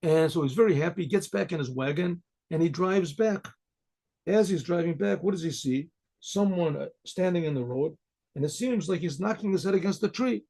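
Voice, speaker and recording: An older man, a rabbi, telling a story in a loose, rambling way, with asides, restarts and throat clearing. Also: fairly high pitch, normal speed, warm tone. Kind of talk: casual spoken storytelling.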